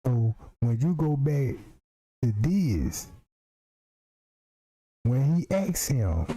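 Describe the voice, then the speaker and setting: A man's voice: mid-range voice, very animated, extremely slow, dark tone, poor audio. A man giving emphatic casual commentary on a video, repeating himself to point things out. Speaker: streamer commenting on footage.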